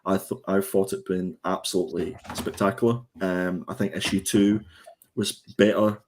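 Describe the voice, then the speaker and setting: A man's voice: low voice, steady tone, normal speed, darkish tone, a little hiss or hum. A man hosting a comic review show, chatting casually with fillers and laughs. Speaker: podcast host. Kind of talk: casual chat.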